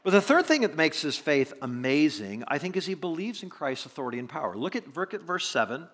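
A male pastor preaching a sermon. He swings from quiet, low stretches to loud emphasis and often repeats and restarts words. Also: sing-song, fairly quick, husky.

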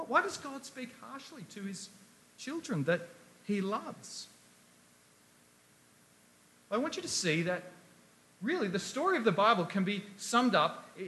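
A man's voice: high voice, fairly bright tone. A man preaching a sermon, emphatic, asking rhetorical questions and reading scripture aloud.

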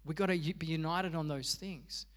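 A man's voice: a little high, fairly even intonation, normal speed, long reverb tail. An Australian man preaching a sermon as pastor, telling stories with humor and animation. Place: church.

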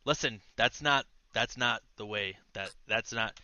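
A man's voice: medium pitch, a little slow, sharp tone, no room sound, dull audio. A man playing a tabletop role-play game, voicing a detective with eager, stammering restarts.

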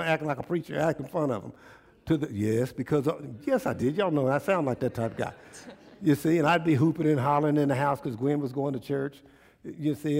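A male pastor delivers a sermon to his congregation in church, with a voice that sits a little higher than most men's. His manner is folksy and conversational. He keeps turning to the congregation with rhetorical questions.

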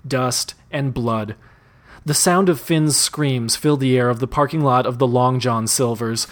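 A man reading a parody story aloud, amused and often breaking into laughter. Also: mid-range voice. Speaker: reader.

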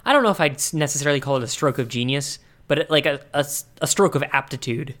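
A man's voice: a little high, fast talker, fairly bright tone. A man co-hosting a podcast in casual chat, thinking aloud with wry, joking asides. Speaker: podcast co-host.

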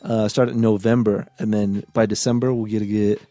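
A man's voice: on the low side, little pitch movement, a little fast, dark tone, dry recording, faint music behind. A young man co-hosting a casual podcast chat, blunt and joking, with slangy talk. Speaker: podcast co-host.

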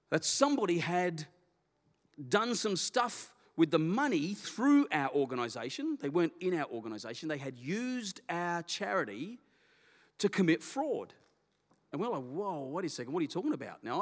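Aussie pastor guy sharing his story from the pulpit, slightly high voice, big hall reverb trailing off. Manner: candid storytelling, animated, self-deprecating. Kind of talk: personal testimony sermon.

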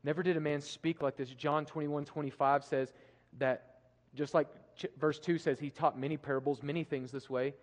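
A man preaching a sermon, emphatic, swinging from loud declarations to hushed passages. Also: mid-range voice. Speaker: pastor. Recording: live preaching with long hall reverb.

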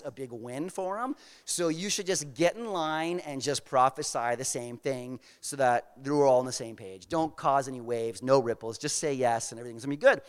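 A man voicing a young errand boy who quietly warns a prophet to fall in line. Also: mid-range voice, clear, resonant tone, in a large hall, pitched below the performer's own voice, lightly acted. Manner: hushed, confiding.

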